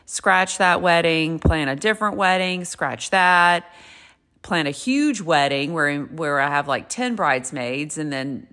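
Frank, chatty woman in her fifties, low voice. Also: animated, measured pace, fairly bright tone. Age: 50s. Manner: frank and chatty, with casual swearing. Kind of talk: candid personal storytelling and advice.

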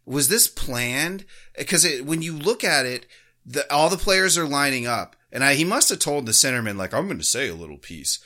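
A man's voice: fairly high pitch, expressive, moderate pace, pushed and bright. A man co-hosting a sports podcast, ranting heatedly with constant swearing. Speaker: podcast co-host. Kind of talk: casual podcast rant.

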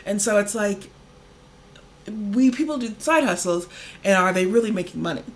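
A woman co-hosts a podcast in a mid-range, expressive voice, speaking at a moderate pace with slight background noise. She chats loosely, uses "like" a lot, and laughs easily.

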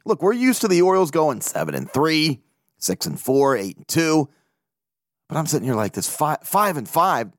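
Animated, swearing man ranting about baseball. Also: a little high, normal speed, dry recording, studio quality. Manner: animated, rambling, swears freely, laughs at himself. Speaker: podcast host. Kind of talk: casual solo sports podcast.

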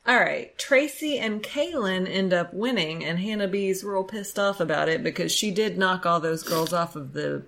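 A woman's voice: fairly low pitch, moderate pace, vocal fry, few pauses, fairly bright tone. A woman in her thirties co-hosting a podcast, recapping in a casual chat with snarky, dry jokes. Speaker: podcast co-host.

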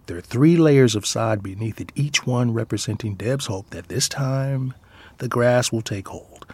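A man's voice: mid-range voice, darkish tone, slightly rough, no echo. A father reading his own personal essay aloud in a reflective way, often dropping into a near whisper.

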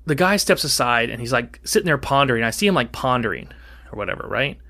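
Bright, animated man in casual podcast chat, rambling storyteller. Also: mid-range voice, fast talker. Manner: rambling, animated, acts out quoted dialogue. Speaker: podcast co-host.

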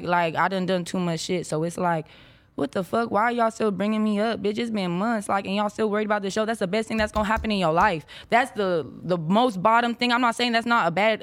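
A woman in her twenties with a mid-range voice, once a reality show cast member, vents during a casual chat. Her rant is brash, profane, and rapid-fire.

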